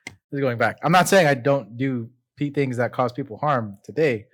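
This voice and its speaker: A young adult man hosting a casual faith podcast, earnest and reflective, often halting and restarting as he shares a personal story. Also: mid-range voice. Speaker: podcast host.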